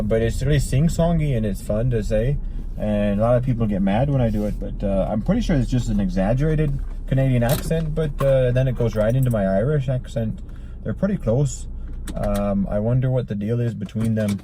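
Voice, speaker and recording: A man's voice: medium pitch, normal speed, mellow. A man hosting a solo podcast, rambling on tangents from inside his car and poking fun at himself. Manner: meandering, self-deprecating, restarts and tangents. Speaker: podcast host. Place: in a car while driving. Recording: road and engine noise behind.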